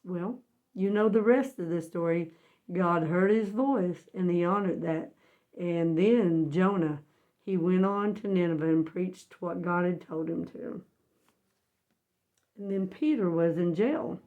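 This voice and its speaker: A woman's voice: on the low side, unhurried, warm tone, dull audio. A woman teaching a Bible lesson as folksy storytelling, earnest and emphatic, often asking her listeners to guess what happened next.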